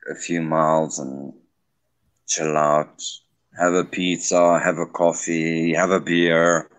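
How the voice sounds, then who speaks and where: South African man, very low voice, slow easygoing chat. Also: flat delivery, fairly bright tone, clean tone. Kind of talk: casual voice chat.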